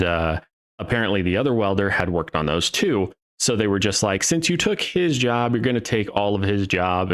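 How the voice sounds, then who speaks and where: A young man hosting a podcast, telling a work story in a casual, animated way. He acts out the people he quotes and reacts to his chat. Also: lowish voice. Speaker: podcast host.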